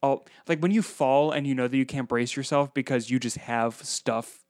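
A man's voice: mid-range voice, steady tone, moderate pace, a little mellow, no room sound, clean studio sound. A man co-hosting a podcast, chatting casually about a movie and slipping into playful impressions of film lines. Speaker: podcast co-host. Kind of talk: casual movie-review chat.

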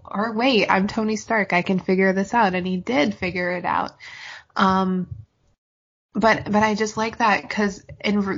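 A woman hosts a casual podcast chat at a slow, deliberate pace. She leads the talk thoughtfully, and her voice sounds dull and lo-fi. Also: mid-range voice. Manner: measured, thoughtful, leads the discussion. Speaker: podcast host.

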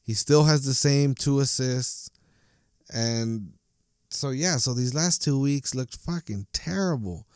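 Speaking slowly in a clear, resonant, slightly mellow mid-range voice, this man delivers a casual ranting monologue as a soccer fan commentator. He's furious at his team, profane, and keeps tripping over his words. The studio-quality recording is dry.

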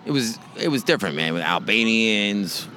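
A man's voice: fairly low pitch, expressive, moderate pace, bright, forceful tone. A middle-aged man from the Bronx with a New York accent, telling a rambling, profane story as a guest. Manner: rambling and profane, many restarts. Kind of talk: casual storytelling. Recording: noisy background.

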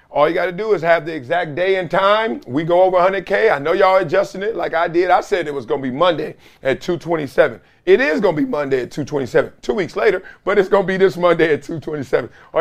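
High-voiced man riffing on sports. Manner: animated, slangy storytelling with laughs. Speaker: sports talk show host. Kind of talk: casual sports commentary.

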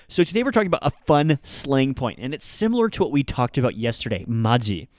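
A man's voice: mid-range voice, a little mellow, no echo. A man talks through a casual language lesson in an upbeat, chatty way. He drifts into small asides as he goes. The sound is dry and close. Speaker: Japanese teacher.

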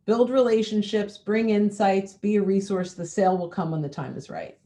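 A woman's voice: medium pitch, normal speed, warm tone. A woman co-hosting a podcast, affirming and enthusiastic as she responds to her guest. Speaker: podcast co-host. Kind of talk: interview hosting.

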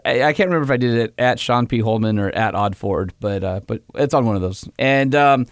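A man co-hosting a podcast in casual chat, an animated storyteller who acts out the quotes, his voice a little strained. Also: mid-range voice, brisk, no echo, clean studio sound. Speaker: podcast co-host.

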